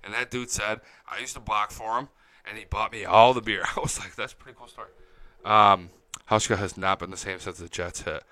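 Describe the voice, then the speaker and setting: A young man hosting a casual live-stream fan chat, excitable and profane, reading viewer comments aloud. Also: on the low side, a little fast, no echo. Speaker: fan show host.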